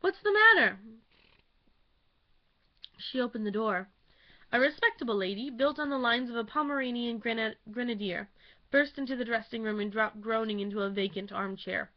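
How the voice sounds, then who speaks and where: A woman at home reading a classic novel aloud into a webcam in an expressive, theatrical storytelling manner. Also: on the high side, brisk, dull audio. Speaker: audiobook reader.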